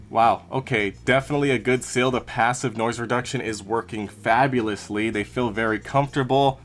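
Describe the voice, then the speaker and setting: A man's voice: mid-range voice, fairly bright tone. A man giving a casual unboxing and review, talking through each step as he handles the product.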